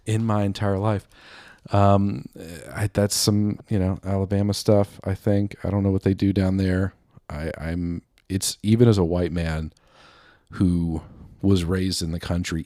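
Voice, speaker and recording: A deep-voiced man hosts his own podcast with no plan, wandering from one thought to the next and poking fun at himself. He sounds a little out of breath. His voice is close and dry, with almost no room sound. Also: a little mellow, dry recording. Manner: rambling, self-mocking, laughs at own jokes. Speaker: podcast host. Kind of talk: unscripted solo chat.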